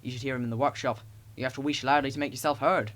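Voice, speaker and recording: A man's voice: mid-range voice, steady tone, very fast, a bit bright, natural voice. A man voicing an eager, modest small male engine in a storybook reading.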